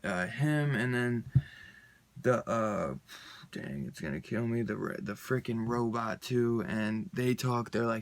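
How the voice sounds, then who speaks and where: A young man talks through a comic book review in a loose, rambling way, with his voice often dropping into a gravelly fry. The sound is dry and close, with no room around it. He fills his talk with "like" and "you know" and laughs often. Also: mid-range voice, normal speed, dry recording. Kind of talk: casual spoken review.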